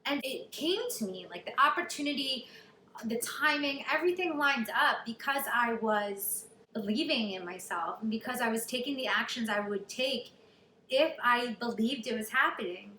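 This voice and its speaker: A young woman vlogger telling a personal story in a chatty, animated way, full of likes. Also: on the high side, moderate pace. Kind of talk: storytelling to camera. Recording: echoey room, faint noise.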